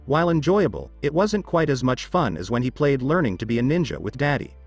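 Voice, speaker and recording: A man's voice: mid-range voice, sing-song, a little fast, breathy edge, highs cut off, faint music behind. A man reading a story as scripted narration, with small shifts of voice for quoted children.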